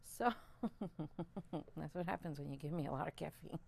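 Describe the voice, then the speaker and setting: Excitable worm lady vlogging, kinda out of breath, giggly, low-ish voice. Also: normal speed, creaky. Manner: chatty and excitable, laughs often, talks to viewers as guys. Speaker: worm farmer and channel host. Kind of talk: casual chat to camera while handling worms.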